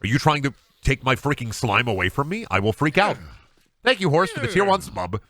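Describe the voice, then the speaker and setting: Animated joking man ranting on stream. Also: medium pitch, brisk, dry recording. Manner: joking, ranting, swears a lot. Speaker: gaming streamer. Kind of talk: casual live-stream chat.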